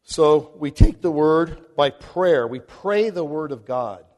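A man's voice: fairly high pitch, expressive, slow pace, a little mellow. A man preaching in a reverberant hall. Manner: conversational, chuckles between points. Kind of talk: sermon. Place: large hall before a congregation.

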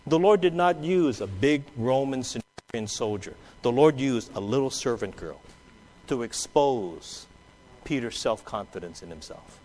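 A man preaching a sermon, swinging between loud quoted outbursts and low, quiet asides. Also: expressive, a little slow, slight background noise. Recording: long hall reverb.

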